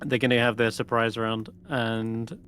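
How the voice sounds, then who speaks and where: A man acting as game master, narrating a live tabletop game and thinking aloud with pauses as he runs the combat. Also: mid-range voice, level tone, a bit bright, a little hiss or hum.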